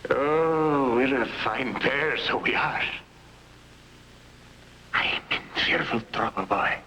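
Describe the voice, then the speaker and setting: A man's voice: mid-range voice, takes it slowly, pushed and bright, a little hiss or hum, rough recording. An actor playing a frightened, hunted blind man in a 1960s TV drama, pleading and stammering, often dropping to worried half-whispers. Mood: anxious. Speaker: lead actor.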